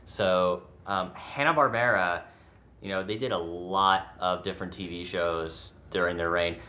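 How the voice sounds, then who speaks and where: A man's voice: deep voice, a little slow, pushed and bright. A man co-hosting a podcast in casual chat, rambling a bit as he reads out a show premise. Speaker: podcast co-host.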